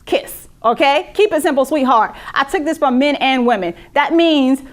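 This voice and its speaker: A woman's voice: sits high, normal speed. A middle-aged woman hosting a talk show, giving direct relationship advice and checking in with listeners by asking "okay?". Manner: direct, instructive, repeats key points with "okay?". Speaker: podcast host and relationship coach.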